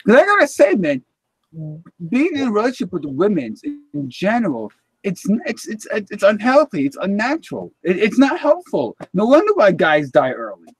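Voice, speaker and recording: A man's voice: sits high, wildly swooping pitch, normal speed, slightly rough. A man in casual live chat, rambling and acting out both sides of an argument.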